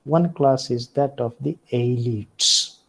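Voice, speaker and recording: A man giving a phonetics lecture, slow and halting with frequent fillers. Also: mid-range voice, vocal fry, fairly bright tone, rough recording.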